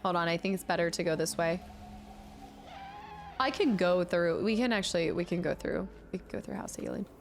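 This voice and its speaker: A woman's voice: fairly low pitch, fairly quick, vocal fry, slight background noise. A woman in her late twenties chatting casually on a gaming livestream, talking with her chat and laughing often. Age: late 20s. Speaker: streamer.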